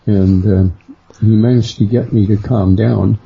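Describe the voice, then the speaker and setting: A middle-aged man, a guest on a radio interview, slowly recounting a personal experience and lifting his voice for the people he quotes. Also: steady tone, gravelly, slightly rough. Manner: unhurried storyteller who acts out quoted voices higher. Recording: dull lo-fi sound.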